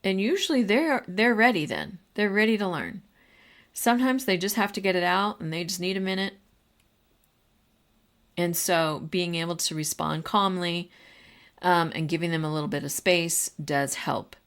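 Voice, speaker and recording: Lower-pitched woman giving casual teaching advice. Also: normal speed, fairly bright tone. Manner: conversational, addresses listeners directly. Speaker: podcast host and teacher.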